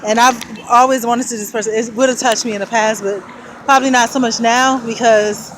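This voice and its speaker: A woman's voice: fairly high pitch, fairly even intonation, brisk, fairly bright tone. A woman vlogging while walking outdoors, out of breath, rambling and thinking aloud with frequent small laughs. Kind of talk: casual walking vlog. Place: outdoors on a city street with traffic. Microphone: handheld camera while walking. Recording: street noise and passing traffic. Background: traffic and street ambience.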